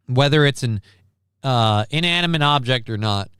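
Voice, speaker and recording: A man's voice: medium pitch, animated, normal speed, a bit bright, clear, resonant tone, no room sound. A man hosting a casual live stream, rambling and wry with crude asides, reading out and thanking viewers. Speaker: stream host.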